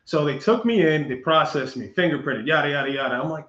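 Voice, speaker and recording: A man, a guest on a chat show, tells a story in a casual, animated way, acting out the lines of the people in it and laughing often. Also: medium pitch, quick pace, hardly any pauses. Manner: animated, acts out quoted dialogue, laughs often. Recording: muffled echoey room recording.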